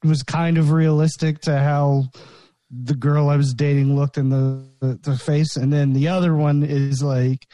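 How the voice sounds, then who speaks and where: A man's voice: a little high, little pitch movement, unhurried, mellow, no room sound. A young man co-hosting a podcast in casual chat, drawling and giggly. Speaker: podcast co-host.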